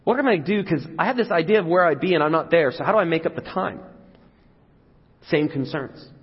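A man's voice: a little high, fast talker, husky. A man preaching a sermon in a casual, conversational way, sometimes acting out the voices of the crowd. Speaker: pastor. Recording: dull sound with long hall reverb.

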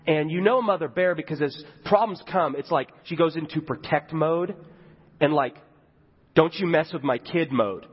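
Husky-voiced man preaching in a hall. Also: fairly high pitch. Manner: candid storytelling, self-mocking, chatty asides. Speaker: pastor. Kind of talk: sermon. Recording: dull audio with long hall reverb.

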